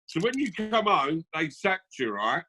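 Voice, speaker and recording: A man's voice: fairly high pitch, very animated, measured pace, pushed and bright. A man hosting a casual chat over a video call, joking and teasing his guest. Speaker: host.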